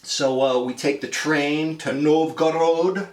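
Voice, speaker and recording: A man's voice: a little high, steady tone, slow pace, roomy sound, recorded from a distance. A man in his fifties from the United States telling a travel story in a chatty vlog, acting out the people he quotes. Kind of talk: casual spoken storytelling.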